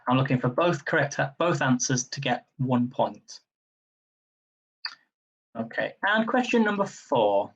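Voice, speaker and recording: A man hosting a live-streamed general knowledge quiz. He chats casually between questions, then reads each question slowly and repeats it. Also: medium pitch, lively intonation, husky, recorded from a distance, dull audio. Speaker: quiz host.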